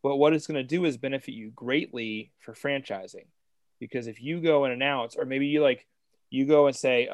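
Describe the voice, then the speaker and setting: A man's voice: medium pitch, a little fast, no echo. A man interviewing a guest in a casual, enthusiastic way and restarting his sentences often.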